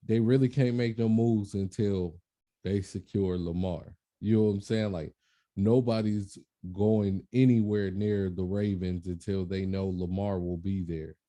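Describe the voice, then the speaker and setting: A man with a very dark, mellow voice chats loosely about sports as a podcast co-host. He talks in a laid-back, slangy way, joking as he goes. The sound is dry and close. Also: deep voice, fairly even intonation, unhurried, no room sound. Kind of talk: casual sports banter.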